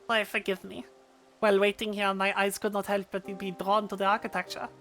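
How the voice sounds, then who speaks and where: Gentlemanly German-accented scholar, formal and polished, a bright tone, as a woman streamer voices him. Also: medium pitch, little pitch movement, faint music behind, lightly acted. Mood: courteous. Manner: formal, measured, courtly phrasing. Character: refined German-accented male scholar, courteous.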